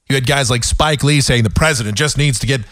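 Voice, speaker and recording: A man's voice: mid-range voice, fast talker, fairly bright tone, no echo, clean studio sound. A man hosting a talk radio show, ranting sarcastically in an opinionated monologue. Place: radio studio.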